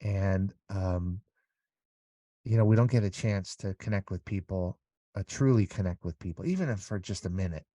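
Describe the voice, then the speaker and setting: A man's voice: sits low, normal speed, warm tone, no room sound, clean studio sound. A middle-aged man talking as an interview guest in a casual conversation, earnest and rambling with many restarts.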